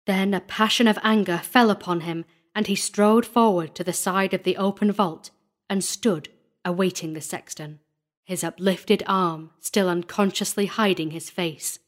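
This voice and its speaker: A woman narrating a gothic horror story as a dramatic audiobook reading, measured and building tension. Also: mid-range voice, fairly even intonation.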